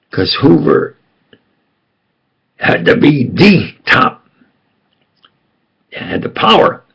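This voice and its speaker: An older man with a tough New York accent tells his story in a slow, deliberate monologue, voice deeply gravelly and rough. His pitch rises and falls with lively swings as he presses his points with conspiratorial insistence. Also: lo-fi sound. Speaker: self-styled preacher and storyteller. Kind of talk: rambling personal monologue.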